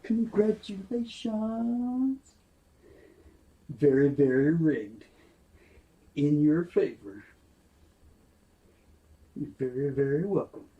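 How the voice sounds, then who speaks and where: A man running a live-stream giveaway in casual chat, murmuring asides and breaking into bursts of excitement at results. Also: on the high side, slow, pauses often, husky, lo-fi sound.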